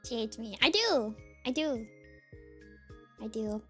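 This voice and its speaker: A woman's voice: fairly high pitch, very animated, sharp tone, faint music behind. A woman streamer chatting casually with her viewers, giggly and teasing, her voice a bit worn. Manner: giggly, teasing, rambling with fillers; reads out chat names rapidly. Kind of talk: casual chat with chat.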